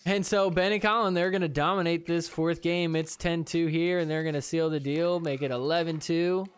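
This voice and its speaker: A man hosting a podcast, giving chatty, wisecracking commentary over match footage and getting excited on big plays. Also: a little high, normal speed, clear, resonant tone. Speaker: podcast host.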